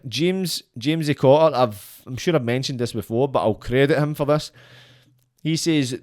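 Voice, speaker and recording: Guy on a podcast, blunt and sweary, preaching at you, mid pitch. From Scotland. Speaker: podcast guest. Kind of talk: rambling motivational monologue.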